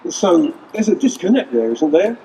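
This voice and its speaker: At an outdoor street protest, a man delivers an earnest, rallying speech built on repeated lists. His voice is high-pitched, very animated, creaky and at normal speed, sounding distant against noisy background and faint outdoor ambience.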